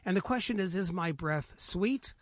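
A man voicing a proud, imperious lion king in a spoken folk tale, booming and commanding. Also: lively intonation, moderate pace, dry recording.

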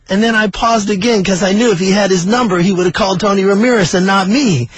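An older male storyteller spins a folksy tale, acting out every voice along the way. His voice sits high for a man and has a husky grain. The sound is close and dry. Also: brisk, no room sound, low-quality recording. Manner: folksy, animated, acts out the dialogue. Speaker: storyteller, author. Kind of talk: oral storytelling.

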